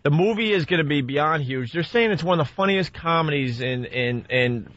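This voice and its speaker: A man's voice: fairly high pitch, animated, normal speed, a bit bright, dry recording. Chatty radio host, man, muffled sound. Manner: rambling, many restarts and fillers. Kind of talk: casual radio banter.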